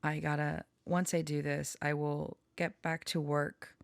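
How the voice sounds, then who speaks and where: A woman talking slowly and haltingly with many pauses, sharing personal reflections in a vlog, short on sleep. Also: sits low, level tone, gravelly, dry recording. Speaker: tarot reader and storyteller.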